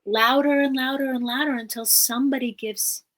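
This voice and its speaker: A woman's voice: sits high, fairly even intonation, normal speed, a bit bright. A woman therapist as a podcast guest, speaking earnestly and emphatically in a teaching manner and repeating key phrases.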